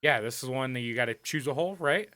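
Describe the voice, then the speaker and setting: A man's voice: mid-range voice, lively intonation, fast talker, bright, forceful tone, a little hiss or hum. A young man co-hosting a podcast, talking in a loose, joking way with a lot of swearing and laughter. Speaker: podcast co-host. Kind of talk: casual chat.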